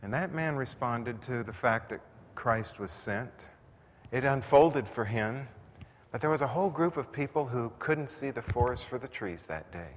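A man preaching a sermon in a conversational style that builds to intense emphasis. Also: medium pitch. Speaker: pastor. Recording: long reverb, faint noise.

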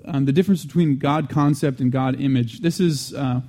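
A man preaching in an earnest, teaching manner, with a mellow, warm tone. He circles back to repeat his main points and slips in casual asides between restarts. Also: mid-range voice, normal speed. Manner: frequent restarts and fillers, conversational asides. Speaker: Christian teacher. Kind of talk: teaching sermon.

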